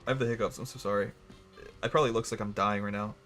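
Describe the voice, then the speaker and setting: A man's voice: lowish voice, fairly even intonation, very fast, a bit bright, faint music behind. A young man streaming a video game live, rambling and joking sarcastically with his chat. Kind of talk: gaming livestream chat.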